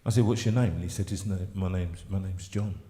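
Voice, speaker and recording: Male host, lowish voice, halting heartfelt storyteller, recorded with a long room echo. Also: dark tone. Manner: halting, emotional storytelling with many restarts. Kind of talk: live chat show storytelling.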